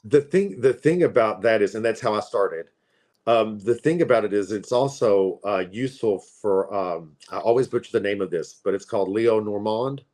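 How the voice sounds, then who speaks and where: A man's voice: lowish voice, moderate pace, a little mellow. A man in his forties from Appalachia, a tarot reader telling stories in a chatty, rambling way. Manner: chatty, rambling, with frequent fillers. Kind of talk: casual storytelling.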